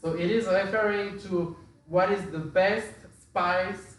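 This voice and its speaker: A man talks through spice blends in a loose, halting way, full of fillers and restarted phrases. His voice sits a little high and sounds distant, in a very echoey room with faint noise behind. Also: fairly even intonation. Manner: hesitant, many fillers and restarts. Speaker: spice expert presenter. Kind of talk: casual explanatory talk.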